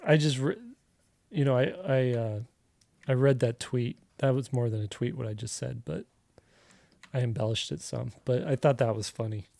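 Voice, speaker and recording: A man chats loosely while he draws on a livestream, wandering through a story with plenty of "like" and "you know". His voice is mellow and dark, and it sounds dry and close, with no room around it. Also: medium pitch, normal speed, creaky, no echo. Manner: rambling, storytelling with many fillers. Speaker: artist livestream host. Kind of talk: casual livestream chat while drawing.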